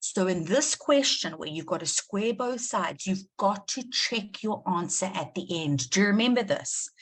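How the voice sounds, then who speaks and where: A South African woman who teaches maths runs a live online revision class, quizzing her students, encouraging them, and repeating key points for emphasis. Her voice sits at a medium pitch with a lively intonation and a breathy edge, at a normal speed.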